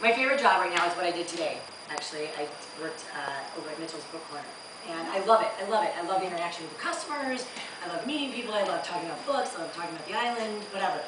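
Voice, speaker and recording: A chatty woman in her thirties from Chicago tells stand-up stories with animated energy. Her voice bounces around a roomy theater from a distant mic. A live audience's noise is clearly heard behind her. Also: lowish voice, very fast. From Chicago, USA. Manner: chatty, animated storyteller with frequent laughs. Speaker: stand-up comedian. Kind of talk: stand-up comedy.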